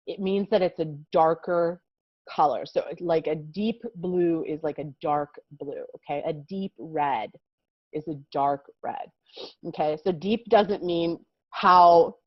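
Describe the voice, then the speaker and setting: Brief: American woman, kindergarten teacher, gentle and encouraging, slightly dull lo-fi sound. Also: on the low side, no echo. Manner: patient, encouraging, explains slowly with many "okay?" checks. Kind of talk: online vocabulary lesson for young children.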